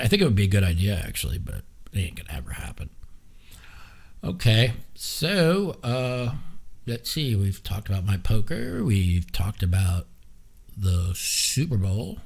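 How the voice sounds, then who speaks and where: Male podcast host, low gravelly voice, blunt and profane, rambling hot takes. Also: a little mellow. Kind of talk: casual chat. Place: streaming with a live chat.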